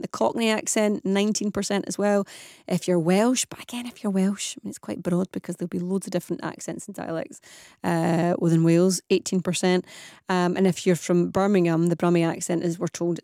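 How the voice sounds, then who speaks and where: A woman's voice: mid-range voice, mellow, no echo, clean studio sound. A woman hosting a live radio phone-in, chatty and firing questions at listeners.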